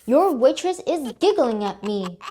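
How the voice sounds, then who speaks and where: A woman's voice: high voice, expressive, a little slow, a little mellow, slight background noise. A woman voicing a cross, grumbling male customer in a children's storybook.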